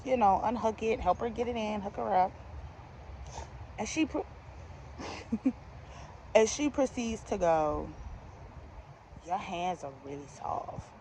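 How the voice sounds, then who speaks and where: A young adult woman telling a comedic storytime in a casual, slangy, animated way, laughing along as she goes. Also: on the high side, a little hiss or hum.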